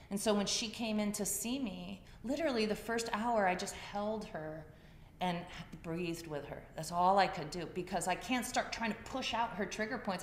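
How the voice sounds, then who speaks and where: This yoga teacher talks to her class in a chatty, storytelling way, using a medium-pitched voice. The classroom recording is echoey, with faint ambience and a little hiss or hum.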